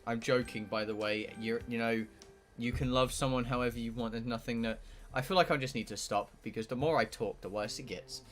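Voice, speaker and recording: A man's voice: medium pitch, steady tone, fairly quick, few pauses, faint music behind. A British man streaming a game playthrough, reading the on-screen text aloud and chatting to viewers in a joking, rambling way, stumbling over words now and then.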